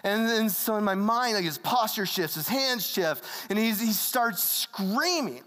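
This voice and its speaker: Casual, animated preacher telling a story, with long hall reverb. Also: mid-range voice, measured pace. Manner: acts out quoted voices. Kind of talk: sermon.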